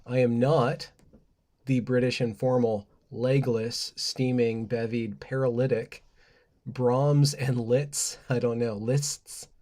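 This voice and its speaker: A man's voice: medium pitch, little pitch movement, takes it slowly, a little mellow. A man hosting a casual livestream, rambling playfully, reading word lists aloud and laughing at his own asides. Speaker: livestream host.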